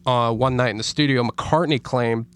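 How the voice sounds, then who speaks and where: A man's voice: mid-range voice, steady tone, moderate pace, clear, resonant tone. A man co-hosting a casual podcast, reading stories aloud with stumbles and frequent laughter. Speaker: podcast co-host.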